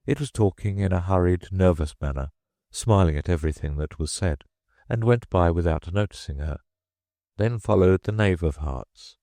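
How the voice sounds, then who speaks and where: Deep, expressive male audiobook narrator. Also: no echo, studio quality. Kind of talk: scripted storybook narration.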